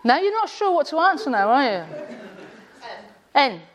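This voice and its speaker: A woman's voice: high-pitched, very animated, moderate pace, a faint crowd. A woman giving a classroom lecture with jokes, sarcastic and quizzing her audience in a room. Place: indoor room with a live audience.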